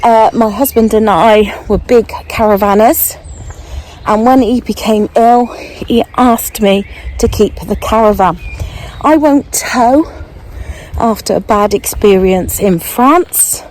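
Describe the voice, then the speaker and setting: An older woman chatting casually as she walks outdoors, getting out of breath, and thinking aloud in an unhurried way. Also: fairly high pitch, darkish tone, a little hiss or hum, poor audio. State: out of breath while walking. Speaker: vlogger. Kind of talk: casual walking vlog. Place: outdoors, walking.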